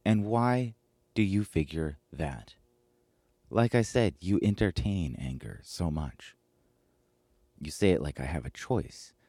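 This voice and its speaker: A man's voice: low-pitched, lively intonation, slow, long pauses, warm tone, no echo, full character voice. A man voicing an angry, impatient friend who snaps and gets defensive, with a raised, agitated delivery. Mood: indignant.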